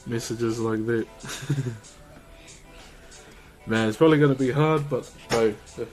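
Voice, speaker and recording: A man's voice: medium pitch, slow, a little mellow, soft background music. A man chatting casually on a live stream while woodcarving, laughing often and greeting viewers. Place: carving workshop.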